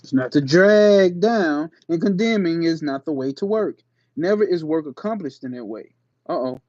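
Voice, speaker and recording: A man hosting his channel, reading a spiritual text aloud slowly and emphatically and breaking off into slangy, casual asides. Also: fairly high pitch, lively intonation, darkish tone, dry recording, lo-fi sound. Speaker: channel host.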